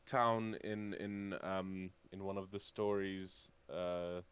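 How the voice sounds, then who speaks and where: A man's voice: sits low, steady tone, slow, clean tone. A man chatting casually as a player at a tabletop game, stumbling over his words. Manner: stumbling and distracted. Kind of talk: casual chat.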